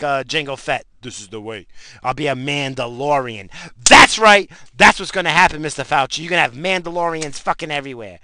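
A man ranting angrily to the camera, swearing constantly and bursting out in animated, profane outbursts. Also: on the high side, no room sound. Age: adult with a job and in-laws. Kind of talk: profane comic rant.

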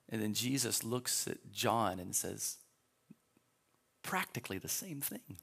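A man with a gravelly, mid-range voice teaches a live Sunday school class in a church. He talks to the room in a relaxed, conversational way, reading scripture passages aloud and then stopping to explain them. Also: mid-range voice, measured pace. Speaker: pastor.

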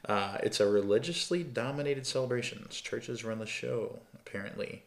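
A man's voice: mid-range voice, normal speed, vocal fry, reverberant. A man co-hosting a podcast in casual chat, rambling with fillers and restarts. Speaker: podcast co-host.

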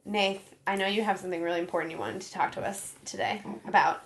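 A woman's voice: medium pitch, steady tone, fast talker, very noisy. A woman co-hosting a podcast, chatting casually and ranting with strong opinions. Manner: opinionated, ranting, mocking impressions. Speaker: podcast co-host. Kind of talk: casual chat.

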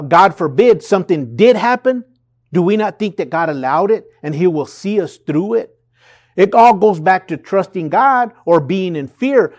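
A man preaching a sermon in an earnest, conversational way, reading and explaining scripture. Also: high voice. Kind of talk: sermon podcast.

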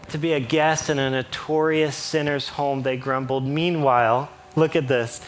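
A man preaching a sermon in an animated way, with playful asides and acted-out quotes. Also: mid-range voice, moderate pace, a little hiss or hum. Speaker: pastor.

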